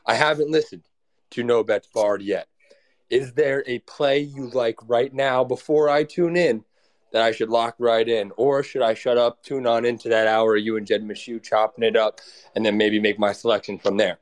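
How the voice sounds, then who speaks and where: A man's voice: medium pitch, normal speed, no room sound. Joking male caller, dry sound. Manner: energetic, joking, rambling. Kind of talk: casual call-in chat.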